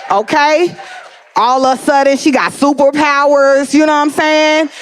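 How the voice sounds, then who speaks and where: A woman from Atlanta performing stand-up comedy, telling stories in an animated way, acting out voices and laughing often. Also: sits high, normal speed. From Atlanta, USA. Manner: animated storytelling, acts out voices, laughs a lot.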